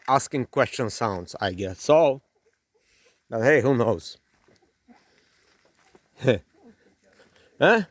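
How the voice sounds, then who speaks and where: A man's voice: fairly low pitch, slow pace, long pauses, no echo, clean studio sound. A man with a non-native English accent hosting a vlog, chatting casually and teasing in a mock-announcer way. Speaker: vlog host. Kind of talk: casual joking chat. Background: birds calling.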